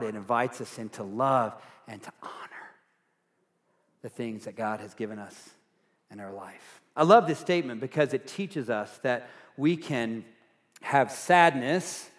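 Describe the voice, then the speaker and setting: A man preaching a sermon as pastor, earnest, going from loud emphasis to hushed softness. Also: mid-range voice, in a large hall. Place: church sanctuary.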